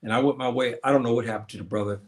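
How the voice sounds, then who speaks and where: A man's voice: medium pitch, fairly even intonation, racing. A man around seventy chatting casually to viewers on his livestream, rambling and reminiscing with many fillers and restarts. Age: 70s. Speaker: livestream host.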